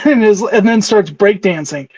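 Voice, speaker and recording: A man co-hosting a casual podcast livestream, chatty and quick to laugh. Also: high-pitched, expressive, darkish tone, slightly rough, dry recording, rough recording. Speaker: podcast co-host.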